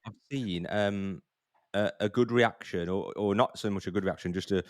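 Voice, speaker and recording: A man's voice: on the low side, normal speed, background noise. A man hosting a casual podcast chat, speaking hesitantly as he searches for his words. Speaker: podcast host.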